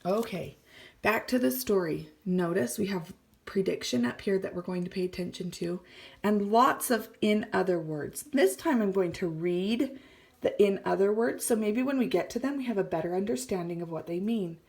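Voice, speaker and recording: A woman's voice: medium pitch, moderate pace, vocal fry, a little mellow. A woman teacher reading a story aloud to children, explaining words and often dropping to a whisper. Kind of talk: read-aloud lesson for children.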